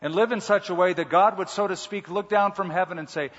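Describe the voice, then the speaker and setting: A man's voice: high voice, steady tone, fairly quick, fairly bright tone, breathy edge. A male pastor preaching a sermon, emphatic and repeating key words. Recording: muffled hall reverb.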